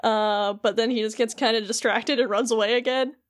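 A woman's voice: on the high side, steady tone, a little fast. A woman co-hosting a podcast, chattily recapping a video game with lots of fillers. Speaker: podcast co-host.

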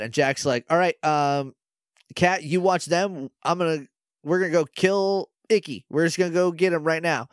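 A man's voice: on the high side, normal speed, no echo, studio quality. A man co-hosting a podcast, casually recapping an episode and acting out the characters' lines with playful voices. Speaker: podcast co-host. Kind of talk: casual chat recapping a show.

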